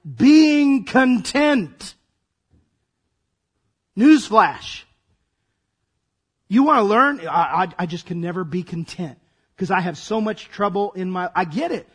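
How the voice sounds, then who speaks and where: Hoarse, raspy-voiced male pastor preaching. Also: high voice, expressive, fairly quick, a bit bright. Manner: preaching with dramatic acted-out asides. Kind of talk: sermon.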